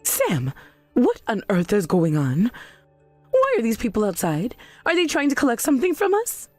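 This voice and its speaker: A woman's voice: fairly high pitch, wildly swooping pitch, normal speed, no echo, faint music behind. A woman voicing an indignant, defensive mother. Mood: alarmed. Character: defensive middle-aged mother, blame-shifting and indignant.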